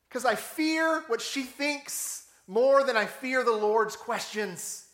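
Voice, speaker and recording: A man with a high, bright voice preaches a sermon, telling the story with animation and firing off rhetorical questions. His voice carries a roomy echo, as if it were filling a church sanctuary. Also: slow, hardly any pauses. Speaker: pastor.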